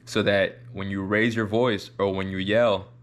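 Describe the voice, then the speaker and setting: A man's voice: on the low side, flat delivery, unhurried. A man hosting a reaction video, talking in a loose, rambling way and repeating himself as he makes his point. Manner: rambling, repeats words, demonstrates voices. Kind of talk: casual commentary.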